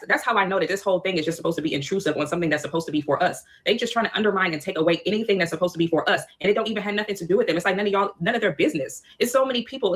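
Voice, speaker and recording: Quick, rambling male commentator, indignant tone. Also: high voice, a bit bright. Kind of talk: casual commentary.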